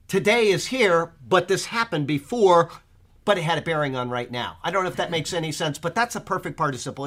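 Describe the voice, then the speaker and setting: Higher-voiced man teaching the Bible. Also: a bit bright. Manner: checks in with listeners, often asking "okay?"; thinks aloud with fillers while explaining. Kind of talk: informal Bible study lesson.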